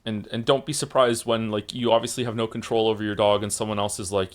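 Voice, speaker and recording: A man's voice: lowish voice, flat delivery, fast talker. A man streaming and chatting casually with viewers, rambling through stories with lots of fillers, restarts and blunt swearing. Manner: profane and blunt.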